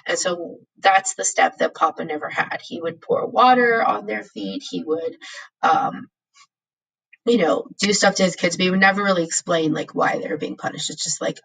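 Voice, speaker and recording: A woman with a breathy, somewhat low voice gives a chatty book summary lesson. She talks playfully and acts out the characters' lines along the way. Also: animated, moderate pace, a bit bright, rough recording. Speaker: teacher summarizing a novel chapter.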